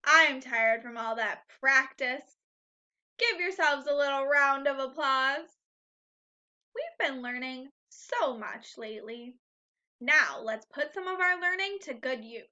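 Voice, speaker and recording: A woman teacher leading a phonics lesson for young children, speaking slowly and clearly, repeating each word three times and cheering the class on, on a slightly dull, lo-fi recording. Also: high voice, animated, pushed and bright. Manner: encouraging, upbeat.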